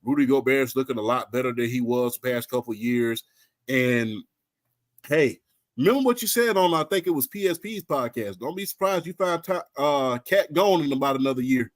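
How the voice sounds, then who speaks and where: A man's voice: medium pitch, normal speed, dry recording. A man co-hosting a casual sports podcast, easygoing and laughing often. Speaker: podcast co-host.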